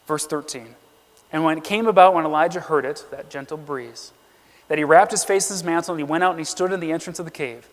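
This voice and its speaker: High-voiced man preaching in a hall. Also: fast talker. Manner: earnest, reads scripture aloud and acts out quotes. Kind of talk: sermon. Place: church sanctuary. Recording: long reverb of a church hall.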